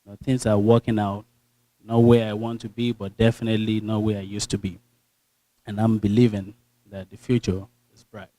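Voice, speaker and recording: A young Nigerian man speaks earnestly to an audience, acting out what people said as he tells his story. His voice sits fairly low, and the sound is close and dry with little room echo. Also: moderate pace. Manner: earnest, animated storytelling with quoted dialogue. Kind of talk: motivational speech.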